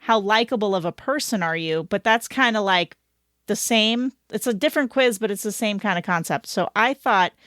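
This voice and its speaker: A woman's voice: mid-range voice, a bit bright, no room sound. Chatty rambling woman podcast host. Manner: chatty, rambling, quick to laugh. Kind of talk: casual chat.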